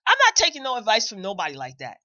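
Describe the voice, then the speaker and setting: A woman's voice: mid-range voice, huge pitch swings, fast talker, sharp tone, no room sound, muffled recording. A woman hosting a live commentary show, talking straight to her viewers and repeating phrases for emphasis. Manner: chatty, addresses viewers directly. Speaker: host.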